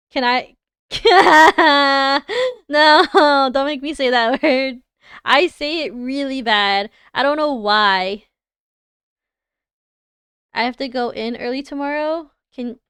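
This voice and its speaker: Reacting to livestream viewers with casual chatter and giggles, this young woman with a Canadian accent reviews design work on her stream. She speaks high in pitch with a fairly bright, clean tone, and there's no room sound at all.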